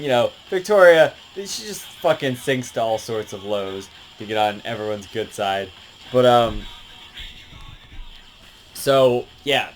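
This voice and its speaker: Casual male reviewer, mid-pitched, loose and rambling, with faint background music. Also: low-quality recording. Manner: rambling, lots of filler and swearing. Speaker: game reviewer. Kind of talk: casual game review commentary.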